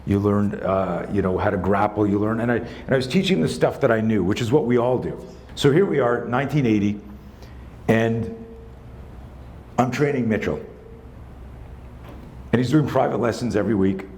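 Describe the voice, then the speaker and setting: Animated, profane man in his sixties. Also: fairly low pitch, normal speed, long pauses. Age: 60s. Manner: animated, profane, conversational storyteller. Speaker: self-defense instructor. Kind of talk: live storytelling talk.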